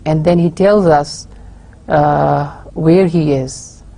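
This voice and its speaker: A woman giving a recorded university lecture, explaining slowly and haltingly, with many fillers and restarts. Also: sits low, fairly even intonation, vocal fry, dark tone.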